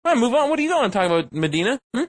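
A man banters on a podcast with a lively, swooping voice. He jokes and plays defensive with his co-hosts. His sound is close and dry. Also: very high voice, rapid-fire, dry recording. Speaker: podcast co-host.

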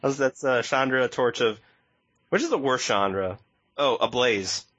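A man's voice: medium pitch, normal speed, fairly bright tone. Laid-back guy cohosting a podcast, laughs a lot, kinda muffled lo-fi sound. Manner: chatty, laughs often, trails off mid-sentence. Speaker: podcast co-host. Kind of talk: casual chat about card games. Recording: slightly dull lo-fi audio.

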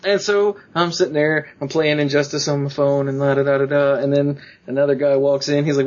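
A man's voice: mid-range voice, quick pace, lo-fi sound. A man telling a funny personal story in casual podcast chat, acting out the other people's lines and laughing often. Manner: animated, acts out quoted voices, laughs often. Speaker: podcast co-host.

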